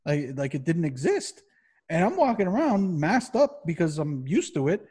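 A man co-hosting a podcast in casual chat, rambling and swearing constantly in an animated way. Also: fairly high pitch, normal speed, husky. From Massachusetts. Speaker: podcast co-host.

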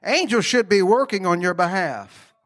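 A man preaching a sermon in a high, bright voice. He talks in a folksy, conversational way, with laughing asides, and keeps asking the congregation questions. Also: lively intonation, moderate pace.

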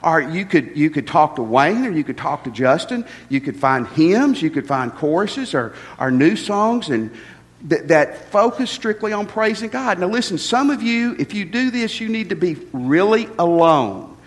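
A middle-aged man preaches in a church sanctuary with a folksy, joking manner, stumbling over the first words of many sentences. His voice sits a little high for a man and swings up and down with lots of life. Long reverb from the hall trails behind every phrase. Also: very animated, moderate pace. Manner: folksy, joking, repeats words when starting. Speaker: pastor. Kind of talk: sermon.

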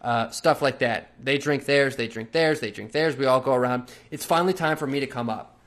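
A man at a middle pitch talks through a personal story on his podcast. He keeps it relaxed and unscripted, with plenty of fillers, restarts and the odd casual swear word. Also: fairly quick. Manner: loose, chatty, with frequent fillers and casual swearing. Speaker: podcast host.

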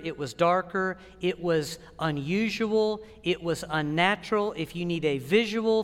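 A man preaching a sermon as pastor, animated and emphatic, with dramatic pauses. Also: sits high. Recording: long hall reverb.

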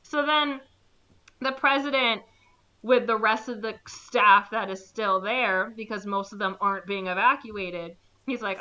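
A woman's voice: medium pitch, moderate pace, bright, forceful tone. A woman in casual chat, animatedly retelling a movie plot and acting out the characters' lines. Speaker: podcast co-host recapping a movie. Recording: slightly dull lo-fi recording.

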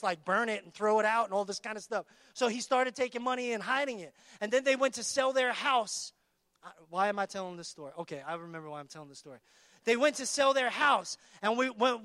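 High, bright-voiced emphatic preacher man. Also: no echo. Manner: emphatic, repetitive call-and-response preaching. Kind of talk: sermon.

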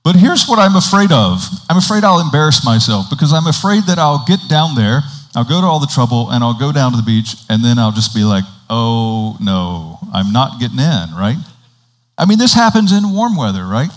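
A man's voice: a little high, very animated, a little fast, in a large hall, rough recording. A man preaching a sermon in a conversational way. He acts out short dialogues and keeps checking in with the congregation. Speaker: priest.

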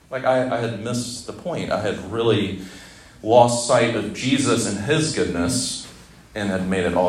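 A man's voice: on the low side, slight background noise. A middle-aged man giving a conversational, humorous sermon at a conference, with casual asides. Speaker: campus ministry speaker. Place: conference hall. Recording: roomy hall echo.

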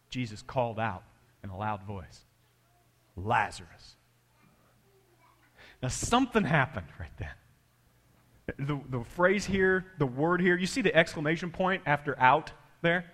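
A pastor preaching a sermon, dropping to a hush and then rising loud to act out the scene, with casual asides to the congregation. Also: male voice, fairly high pitch, big-room sound. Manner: dramatic, swinging between hushed and loud.

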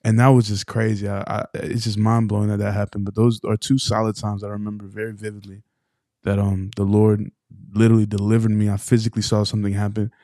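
Young male podcast co-host, low and mellow, loose rambling testimony, dry recording. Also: completely flat delivery, quick pace, dry recording. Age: 20s. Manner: rambling, full of "like". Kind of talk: casual testimony.

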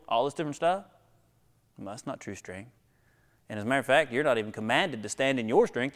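A man preaching a sermon, swinging from hushed near-whispers to loud, high exhortations, with rhetorical questions and calls to the congregation. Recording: long echo of a large hall.

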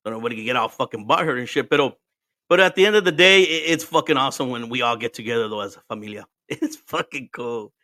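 Bright-voiced Mexican man swapping languages. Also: mid-range voice, expressive, fast talker, no echo, clean studio sound. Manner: swears freely, switches between English and Spanish, laughs often. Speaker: podcast host. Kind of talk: casual storytelling chat.

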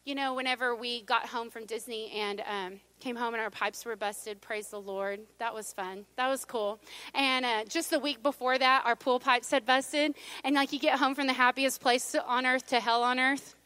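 Bright high-voiced woman preaching. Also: fairly even intonation, normal speed, hardly any pauses, dry recording. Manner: conversational, humorous, drops to a hush for God's whisper. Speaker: pastor. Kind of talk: sermon.

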